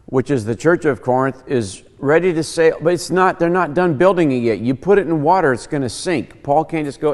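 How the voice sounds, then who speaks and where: A man's voice: a little high, brisk, hardly any pauses. Guy teaching the bible casually, cracks jokes, voice all over the place, lots of room echo. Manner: animated, joking, acts out quotes.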